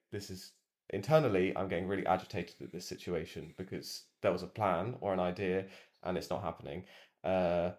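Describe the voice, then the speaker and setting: A man's voice: sits low, a little mellow. A young man co-hosting a podcast, talking in a reflective, hesitant way with many fillers. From England. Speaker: podcast co-host. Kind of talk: casual chat.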